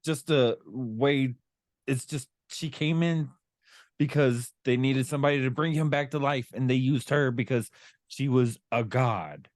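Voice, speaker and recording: Middle-aged male podcast host, unhurried and rambling, dry close mic. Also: mid-range voice, no room sound. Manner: rambling, searching for words. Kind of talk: casual chat.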